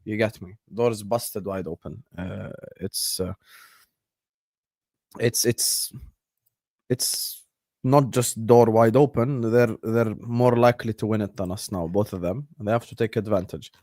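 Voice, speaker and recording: This is a man, trading heated football banter as a co-host. He swears freely and swings from a low grumble to loud protest. The sound is dry and close to the mic. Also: a little slow, long pauses, no room sound.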